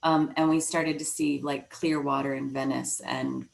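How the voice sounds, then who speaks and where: A woman with a low voice and a gravelly edge gives a leadership presentation over a video call. She talks in a loose, conversational way, often pausing on fillers and restarting phrases. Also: level tone, rough recording. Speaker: webinar speaker on leadership. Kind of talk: presentation talk.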